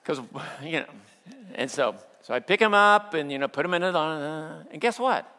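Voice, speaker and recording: A middle-aged male pastor preaching a sermon, telling stories with playful humor and acting out quotes, then slowing down for earnest points. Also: fairly high pitch, animated, pushed and bright. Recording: long hall reverb.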